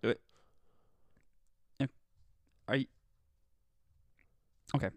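A man's voice: takes it slowly, dry recording. A man co-hosting a casual comedy podcast, rambling and joking with lots of fillers and restarts. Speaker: podcast co-host.

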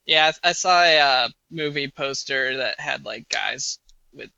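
A man co-hosting a podcast, cracking dry deadpan jokes. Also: mid-range voice, unhurried, gravelly, smooth, no echo, muffled recording. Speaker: podcast co-host. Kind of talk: casual podcast banter.

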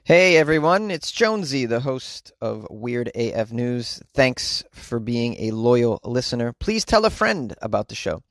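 A chatty, joking male podcast host with a mid-pitched voice, speaking into a home podcast mic. His delivery is loose and full of "uh"s, and the sound is dry and close with no room echo. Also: animated, measured pace, hardly any pauses. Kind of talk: casual solo podcast chat reading listener mail.

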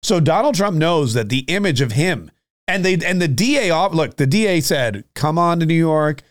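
A man delivering a political monologue in a fired-up, sarcastic way. His voice sits a little higher than most men's. He repeats himself as he builds each point. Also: very animated, moderate pace. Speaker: political commentary host.

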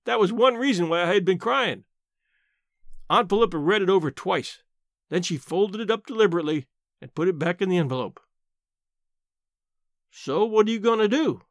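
A man reading a short story aloud in an expressive storytelling manner. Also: high voice, brisk, no echo, clean studio sound. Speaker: narrator.

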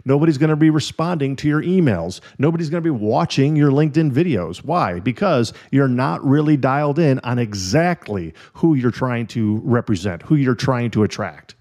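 A man's voice: mid-range voice, lively intonation, normal speed, few pauses, darkish tone. A middle-aged man hosts a solo coaching podcast in an emphatic, direct manner. He addresses the listener head-on and repeats key words to drive his point home. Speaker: podcast host and insurance business coach.

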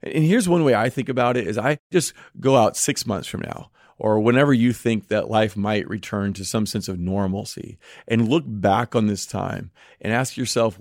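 A middle-aged man speaks in a lowish voice, earnest and preacherly, firing rhetorical questions at his listeners. He co-hosts a faith podcast, and his voice is recorded close with a dry sound. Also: creaky, a little mellow, dry recording. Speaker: pastor co-host. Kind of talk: podcast sermon-style talk.

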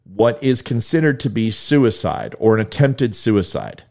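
A man's voice: fairly low pitch, very animated, a little slow, creaky, a little mellow. A man giving blunt, emphatic video commentary, explaining events step by step. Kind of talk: video commentary on police footage.

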